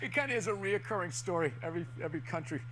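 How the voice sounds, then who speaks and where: A man's voice: high-pitched, lively intonation, very fast, a crowd in the background, rough recording. An American man appearing as a comedian guest on a talk show, ranting sarcastically and acting out other people's voices.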